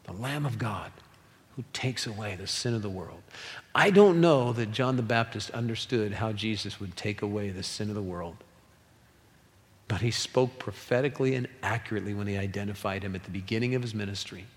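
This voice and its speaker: A middle-aged man preaching a sermon as a pastor, emphatic, rising to loud pleas and dropping to hushed, solemn passages. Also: fairly low pitch, brisk. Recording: long hall reverb.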